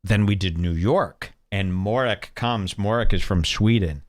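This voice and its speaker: A man's voice: on the low side, measured pace, dry recording, studio quality. A male podcast host telling a story in a casual, mocking way, often jumping into quoted voices.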